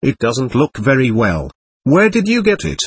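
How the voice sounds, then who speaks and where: A man reading a story aloud and voicing a calm, unruffled man who speaks affectionately. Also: medium pitch, normal speed, husky. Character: calm easygoing man carving wood.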